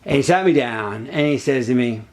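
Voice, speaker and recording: A man's voice: medium pitch, expressive, brisk, a little hiss or hum. A man coaching an actor off camera, insistent and profane, repeating himself as he gives directions.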